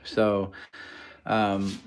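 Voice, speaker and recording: A man's voice: lowish voice, monotone, drawn-out words, slight background noise. A man hosting a casual livestream, talking through a build in a rambling, joking, technical way.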